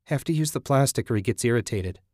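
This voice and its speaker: A man voicing a frightened, submissive young woman who speaks quietly and mumbles. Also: mid-range voice, expressive, quick pace, no room sound, clean studio sound, pitched above the performer's own voice, natural voice. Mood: subdued.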